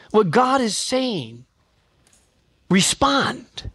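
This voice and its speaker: Bright, high-voiced emphatic preacher. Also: lively intonation. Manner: emphatic, asks questions of the congregation; slows right down for quoted scripture. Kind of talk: sermon.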